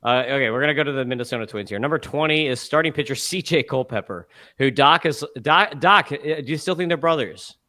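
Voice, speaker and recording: A man's voice: mid-range voice, fairly quick, pushed and bright. A man co-hosting a sports podcast in casual chat, joking and teasing the others. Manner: joking, teasing, laughs easily. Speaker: podcast co-host.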